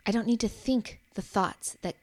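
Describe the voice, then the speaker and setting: A woman's voice: fairly high pitch, moderate pace. A woman hosting a solo podcast as a life coach, talking in an earnest, encouraging way and laughing easily. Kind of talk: solo spiritual podcast monologue.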